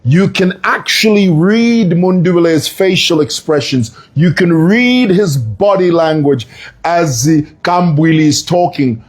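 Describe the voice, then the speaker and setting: Man, political commentary, husky voice, lively swooping pitch, emphatic, chatty asides. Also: a little slow. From Zambia. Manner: animated, emphatic, storytelling with asides.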